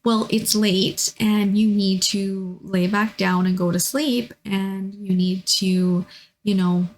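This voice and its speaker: A woman voicing a patient mother checking on her daughter at night, gentle and coaxing. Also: mid-range voice, fairly even intonation, slow pace, poor audio. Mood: soothing.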